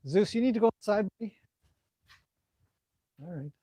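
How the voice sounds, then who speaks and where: Man, Canadian accent, casual live-stream chat, relaxed and rambling, slightly higher voice. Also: moderate pace, dry recording. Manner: relaxed, rambling, reads out viewer comments. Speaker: horse trainer hosting a live stream. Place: outdoors at a stable in the evening.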